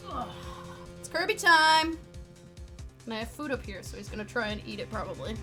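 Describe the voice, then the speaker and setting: A woman's voice: medium pitch, rapid-fire, music in the background. A young woman streaming from home, chatting casually and teasing her cat in a playful way. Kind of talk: casual live-stream chat.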